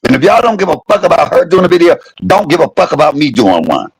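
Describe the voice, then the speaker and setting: A man's voice: fairly high pitch, sing-song, quick pace, dry recording, rough recording. A man in his fifties delivering a heated, profane rant to his viewers, repeating his points for emphasis. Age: 50s. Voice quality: gravelly, husky. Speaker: vlogger. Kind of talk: angry profane rant to camera.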